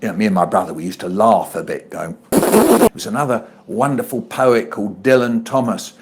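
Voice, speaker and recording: An older man with a British English accent, telling stories in a playful, expressive way. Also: fairly low pitch, moderate pace, faint music behind. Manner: animated, playful storyteller. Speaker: children's author and poet. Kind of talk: expressive storytelling, chopped into a comedy edit.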